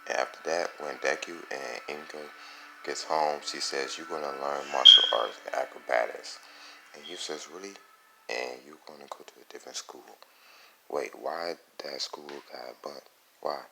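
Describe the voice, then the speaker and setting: Very deep gravelly man, casual fan storyteller. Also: fairly even intonation, noisy background. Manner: rambling, self-correcting, halting. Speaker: YouTube storyteller. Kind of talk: casual fan-fiction narration.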